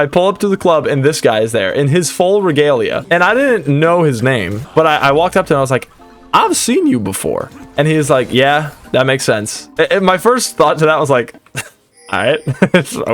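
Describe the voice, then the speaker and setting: Rambling young man telling a story. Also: mid-range voice. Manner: rambling, self-deprecating, quick asides. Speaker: streamer. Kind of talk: casual storytelling.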